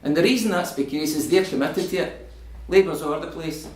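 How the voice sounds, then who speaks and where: A middle-aged Scottish man speaking to an audience in a community hall, animated and argumentative as he answers their questions. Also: fairly high pitch, a little fast. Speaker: invited political speaker. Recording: echoey room.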